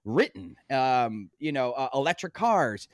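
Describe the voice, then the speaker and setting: Man, podcast guest, insistent, very expressive pitch, dry sound. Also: measured pace, no echo. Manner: animated storytelling, emphatic and insistent. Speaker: podcast guest, documentary filmmaker. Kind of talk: casual podcast conversation.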